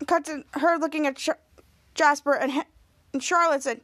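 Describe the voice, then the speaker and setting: A woman's voice: high-pitched, steady tone, fast, fairly bright tone. A woman hosting a podcast, recapping a TV episode in a casual, rambling way, full of restarts, and acting out lines. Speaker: podcast host.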